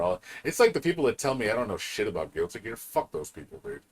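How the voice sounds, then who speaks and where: A man's voice: on the low side, very animated, quick pace, hardly any pauses, husky. A man ranting on a gaming live stream, profane and heated, mocking other people in quoted voices. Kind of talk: casual gaming stream rant.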